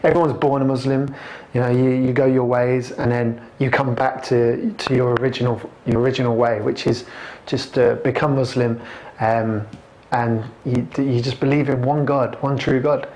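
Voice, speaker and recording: A man giving a personal testimony to a camera. He speaks in a halting, reflective way, with many restarts. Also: medium pitch, level tone, darkish tone, a little hiss or hum. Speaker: convert sharing his testimony.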